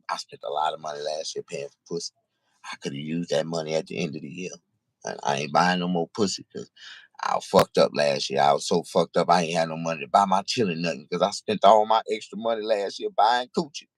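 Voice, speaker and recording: Brief: deep, lively middle-aged man, profane rambling vlog rant, dry close recording. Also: dry recording. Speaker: vlogger. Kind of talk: casual ranting monologue.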